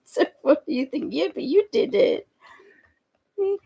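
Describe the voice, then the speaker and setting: A woman's voice: sits high, lively intonation, a little slow, gravelly, long pauses, warm tone. A woman chatting casually and giggling as she draws live for viewers. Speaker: digital artist streamer. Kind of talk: casual chat while drawing live.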